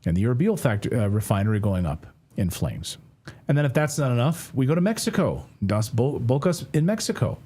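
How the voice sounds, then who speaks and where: Man, middle-aged, news host, husky, warm low tone, conversational commentary, wry self-corrections. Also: big pitch swings, brisk.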